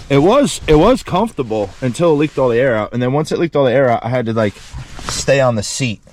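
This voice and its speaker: Man, mid-pitch, casual volunteer vlogger, loose rambling delivery, faint outdoor hiss. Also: darkish tone. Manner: rambling, loose storytelling with many fillers. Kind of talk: casual vlog to camera. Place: outdoors by his truck at a camp.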